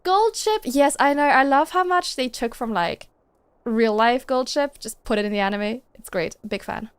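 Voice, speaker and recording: Bubbly high-voiced woman streamer. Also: moderate pace, clean tone. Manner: bubbly, giggly, gushing to chat. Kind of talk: casual gaming stream chat.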